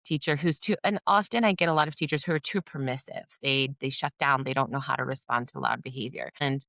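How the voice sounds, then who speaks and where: A woman with a low speaking voice talks frankly about coaching teachers, sliding into little acted-out scenes as she goes. The recording is dry and close, with no room sound. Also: fairly quick, no room sound. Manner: candid, animated, acts out teacher dialogue. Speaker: behavior coach and former dean of students. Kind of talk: podcast interview.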